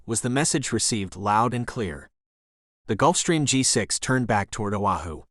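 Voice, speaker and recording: A man's voice: medium pitch, fairly bright tone, no echo. Man narrating a thriller, dry sound. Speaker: audiobook narrator. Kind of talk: scripted narration.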